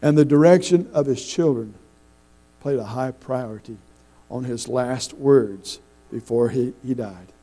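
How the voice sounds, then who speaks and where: A middle-aged man preaching a sermon, telling folksy stories with halting restarts. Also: medium pitch, mellow, low-quality recording. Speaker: pastor.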